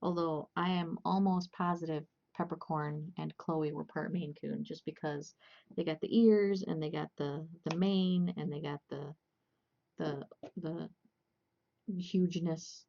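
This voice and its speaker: A woman's voice: sits low, steady tone, measured pace, gravelly, dull audio. A young woman casually chatting and rambling with lots of fillers and restarts while hosting a crochet livestream.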